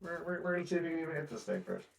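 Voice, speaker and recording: A man's voice: a little high, very animated, rapid-fire, vocal fry, background noise. A man narrating as game master of a tabletop game, describing scenes and chuckling as he goes. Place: home streaming setup. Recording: roomy distant mic with faint music.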